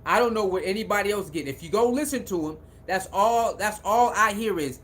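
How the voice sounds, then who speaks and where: A man's voice: high-pitched, fairly quick, a bit bright. A man hosting a casual sports live stream, repeating himself often and talking back to viewers in the chat.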